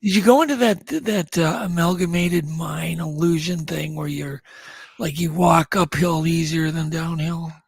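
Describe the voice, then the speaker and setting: A man's voice: a little high, fairly even intonation, measured pace, creaky, slightly rough, dry recording. A man co-hosting a podcast, running through news items in a chatty, rambling way with frequent restarts. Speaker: podcast co-host. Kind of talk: casual chat.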